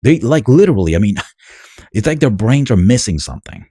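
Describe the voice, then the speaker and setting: A man's voice: fairly low pitch, very animated, brisk, crowd noise. A man giving scornful commentary over news clips, talking back at the people on screen. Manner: sneering, scornful, talks back at the clip. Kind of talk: mocking video commentary.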